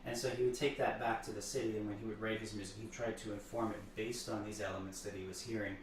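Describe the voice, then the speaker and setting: A man's voice: fairly low pitch, little pitch movement, fast, a little hiss or hum. A man talking through piano pieces as a teacher, thoughtful and restarting words as he explains. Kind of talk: explaining piano repertoire between playing. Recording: echoey room, voice far from the mic.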